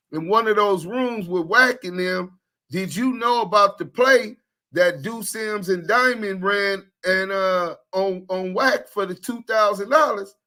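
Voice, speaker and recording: A fairly high, bright male voice with a forceful edge. He co-hosts a podcast in casual talk, addressing people bluntly and confronting them with street slang. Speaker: podcast co-host.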